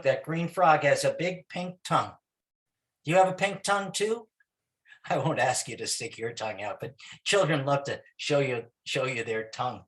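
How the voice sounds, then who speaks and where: A man giving a talk on music for young children, in a halting, chatty way with many restarts and sudden loud rhythmic chanting demonstrations. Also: mid-range voice. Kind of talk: informal lecture with chanting demos.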